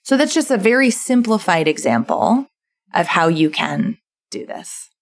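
Casual podcast woman, slightly low voice, explains step by step. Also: sing-song, unhurried. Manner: explains in lists, acts out quoted voices. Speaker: podcast co-host summarizing a book. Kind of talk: casual chat.

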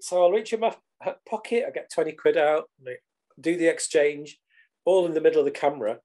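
Middle-aged man, podcast guest, lively and casual, slightly high pitch. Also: quick pace. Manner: animated, casual swearing. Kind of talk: storytelling in conversation.

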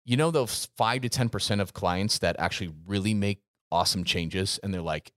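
A man with a fairly low voice talks in a casual podcast chat, earnest and emphatic, circling back over his words. The sound is dry and close to the mic. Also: fairly quick, few pauses, fairly bright tone, no echo. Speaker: podcast co-host, gym business coach.

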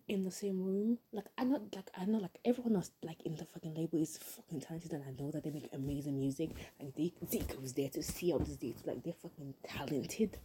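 A woman's voice: lowish voice, mellow, a little hiss or hum. Gushing woman, often whispering. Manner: gushing, swearing, often dropping to a breathy whisper. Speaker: fan vlogger. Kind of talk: excited casual rant to camera.

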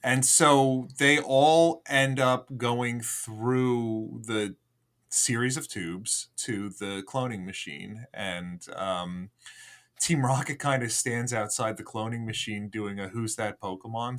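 A man's voice: mid-range voice, takes it slowly, fairly bright tone. Nitpicky male podcast co-host. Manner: detail-focused, nitpicky. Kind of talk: casual chat.

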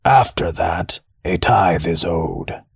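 A man voicing a gruff, stern magistrate in an audiobook fantasy story. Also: sits low, slow, no echo, studio quality, heavily acted.

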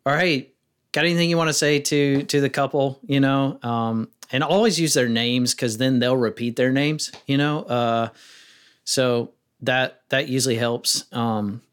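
A man talks loosely on a podcast, his voice sitting at an ordinary middle pitch. He rambles a little and jumps into brighter, livelier tones when he acts out the questions he asks people. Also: steady tone, measured pace, smooth. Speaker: wedding filmmaker guest. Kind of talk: casual podcast interview.

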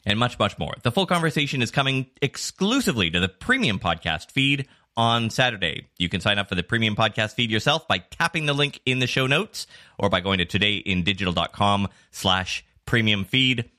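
A man hosting a digital marketing news podcast, reading scripted segments with clear, varied emphasis. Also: on the low side, sing-song, a little fast, pushed and bright. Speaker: podcast host.

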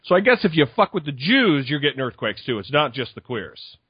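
A man's voice: a little high, very animated, fairly quick, husky, no room sound. Man, podcast host, sarcastic, swears a lot, dry dull sound. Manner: profane, sarcastic. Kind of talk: casual chat.

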